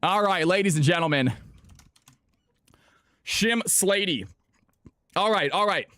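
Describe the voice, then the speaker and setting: The voice is high-pitched, slow, and sharp, with no echo. A breathless California man hosts viewer games on his live stream, hyped and talkative, often saying things twice as he sorts the players.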